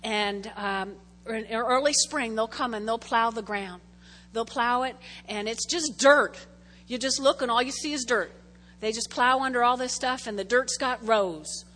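Woman pastor, high voice, chatty sermon with call-outs, long hall reverb. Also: measured pace, fairly bright tone. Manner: chatty, repeats phrases, asks the congregation questions. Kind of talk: casual sermon.

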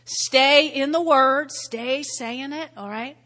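Woman pastor, high-pitched and bright, conversational sermon with frequent "all right?" check-ins, long reverb. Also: slow. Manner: repeats key phrases for emphasis. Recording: long reverb of a large hall.

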